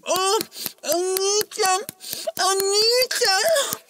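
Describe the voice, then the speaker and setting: A man voicing an overexcited, theatrical woman with squealing, drawn-out moans. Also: very high-pitched, bright, forceful tone, slight background noise, voice pushed up, heavily acted.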